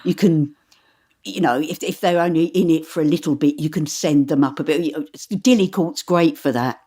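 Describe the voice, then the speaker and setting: A woman audiobook narrator talks in an easy, conversational interview manner, animated and quick to laugh. Her voice sits low. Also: slightly rough. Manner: chatty and animated, laughs often, demonstrates voices. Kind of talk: casual interview chat.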